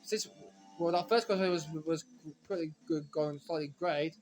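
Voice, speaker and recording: A man giving rambling, self-correcting commentary while playing a racing game, now and then breaking into frustrated shouts. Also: a little high, normal speed. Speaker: gaming commentator. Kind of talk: casual let's-play commentary.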